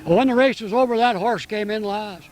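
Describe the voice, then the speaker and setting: Older man, high voice, folksy joke-teller with stammered restarts, outdoor parade chat. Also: brisk, slight background noise. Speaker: oxen driver in a parade. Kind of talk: casual chat and joke telling.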